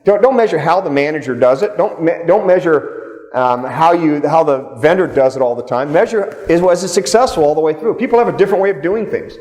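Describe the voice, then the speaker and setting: A man's voice: a little high, fairly quick, a little mellow. A man giving a direct, storytelling seminar talk to a live audience in a meeting room, repeating key points for emphasis. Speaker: seminar speaker. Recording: echoey hall, speaker off-mic at times.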